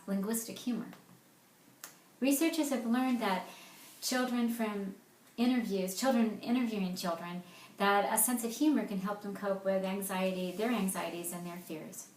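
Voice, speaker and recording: A woman giving an explanatory presentation as a therapist, reading jokes aloud with lively, playful emphasis. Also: mid-range voice, echoey room, slight background noise.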